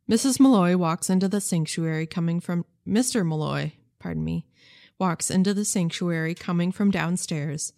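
A woman reads a children's novel aloud for radio, her voice sitting fairly low. She tells it in a measured, gentle way, close to the microphone in a dry, dead studio. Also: gravelly, no room sound. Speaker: narrator.

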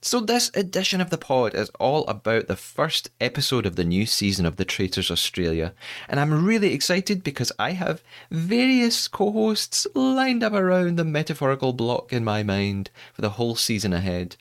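A man hosts his podcast in a chatty, playful monologue, with a voice that swings up and down freely. His pitch sits in a middling range for a man, and he pokes fun at himself as he goes. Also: sing-song, moderate pace. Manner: chatty, playful, self-mocking. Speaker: podcast host.

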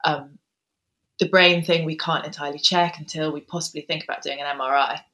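A woman in her thirties, a guest author telling a personal story in an interview, soft-spoken and hesitant, pausing often with ums. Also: deep voice, steady tone, low-quality recording.

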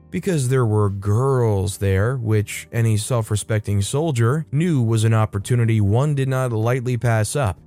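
A man reading a story aloud as a scripted narration, wry and lively, speeding up and slowing down for effect. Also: medium pitch.

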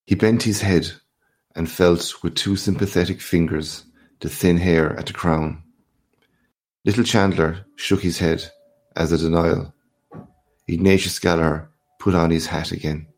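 Low creaky guy reading a classic story, slow and measured. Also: steady tone, darkish tone. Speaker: narrator. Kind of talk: literary audiobook reading.

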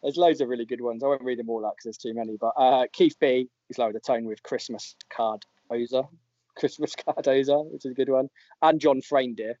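A man's voice: mid-range voice, a little fast, warm tone, no echo. A man hosting a podcast, chatting casually and laughing often as he reads out listeners' joke entries. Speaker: podcast host. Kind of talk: casual chat. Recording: dull lo-fi podcast audio.

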